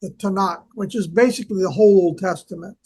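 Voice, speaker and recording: Halting, explanatory scholar. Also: male voice, high voice, darkish tone, breathy edge. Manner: hesitant, lots of fillers, explanatory. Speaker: co-host, archaeology scholar. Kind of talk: casual educational discussion.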